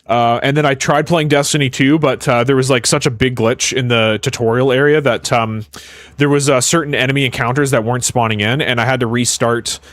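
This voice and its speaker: A man's voice: mid-range voice, steady tone, fairly bright tone, dry recording, studio quality. A young Canadian man with a Canadian accent, chatting casually and rambling while building a game on a live stream. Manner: casual, rambling, quick to joke. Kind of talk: live coding stream chat.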